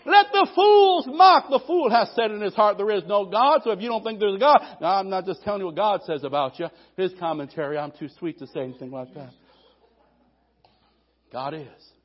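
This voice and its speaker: High-voiced preacher, dull audio. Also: male voice, fairly quick. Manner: builds from quiet teaching to shouted, rhythmic preaching. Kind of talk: sermon.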